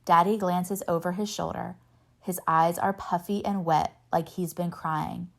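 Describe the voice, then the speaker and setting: Low, gravelly woman reading a novel aloud. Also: unhurried. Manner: steady first-person narration with lightly voiced dialogue. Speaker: reader.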